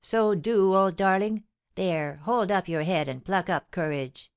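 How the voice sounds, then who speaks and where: A woman reading as a shrill, scolding porter's wife. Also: a little slow, smooth. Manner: screaming, scolding. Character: shrill vindictive middle-aged porter's wife.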